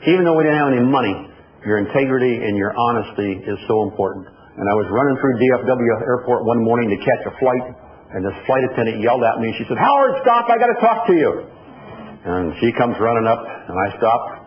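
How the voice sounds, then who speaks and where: A man's voice: mid-range voice, quick pace. A man giving a motivational speech, telling folksy personal anecdotes to an audience. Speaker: motivational speaker. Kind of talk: storytelling keynote speech. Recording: echoey hall, dull lo-fi sound, faint noise.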